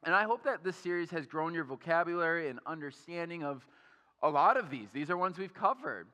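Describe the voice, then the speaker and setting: A young man and pastor giving an energetic, conversational sermon, often turning to the audience with questions and filler words. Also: fairly high pitch, a little fast, in a large hall. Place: church auditorium.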